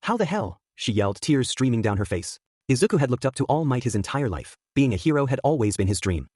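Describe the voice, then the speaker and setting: Man, fanfic narration, fast-paced, husky, dry close mic, voices characters. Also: mid-range voice, lively intonation, darkish tone, no room sound.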